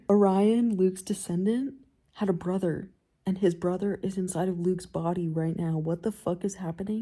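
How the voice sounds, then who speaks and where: A woman book vlogger in a casual reaction vlog, excitable and rambling, swearing often. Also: on the low side, dry recording. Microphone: camera.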